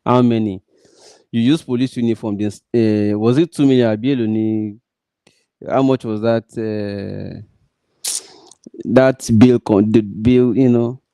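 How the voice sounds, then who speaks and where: A man's voice: fairly low pitch, steady tone, unhurried, long pauses, warm tone, dry recording. A man with a Nigerian accent mixing Pidgin into English, giving earnest commentary and pleading with emphatic, repeated stresses. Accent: Nigerian, Pidgin-mixed English. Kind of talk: direct-address commentary.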